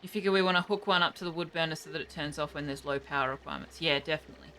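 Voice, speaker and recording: Young woman streamer, low-pitched but bright and forceful; casual gameplay chatter, thinking aloud with quick surprised reactions. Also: little pitch movement, slight background noise. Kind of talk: casual live gameplay commentary.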